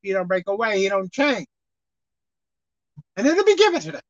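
A woman's voice: medium pitch, sing-song, moderate pace, no room sound. A woman preaching a sermon. She calls out to her listeners and acts out pleading prayers. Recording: muffled lo-fi recording.

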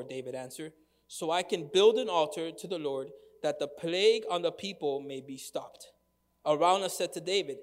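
A high-pitched male pastor from the United States gives a sermon, and a long reverb tail trails his voice. His delivery is conversational as he reads scripture and puts questions to the congregation.

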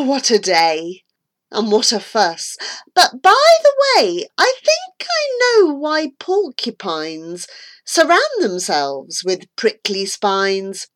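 Bright, playful woman reading a poem. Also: medium pitch. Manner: expressive, playful rhythmic delivery. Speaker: narrator. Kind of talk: reading a rhyming storybook poem aloud.

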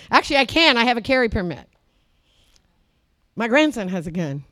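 An older woman from the United States preaching a fervent sermon, swinging between loud declarations and low, murmured asides. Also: very animated, moderate pace.

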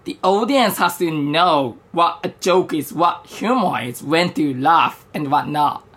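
A man, a stand-up comedian guest, talking in a measured, halting way with many restarts. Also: a little high, a bit bright, slightly rough. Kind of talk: casual interview chat.

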